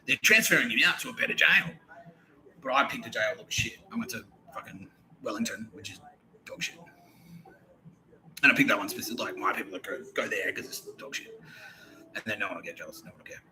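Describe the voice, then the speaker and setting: A young man spins a rambling, profane comic tale as a podcast host. His voice is very bright and his pitch swings widely as he tells it. A faint hiss sits under his voice, and he laughs between his lines. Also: animated, fast talker, pauses often, rough recording.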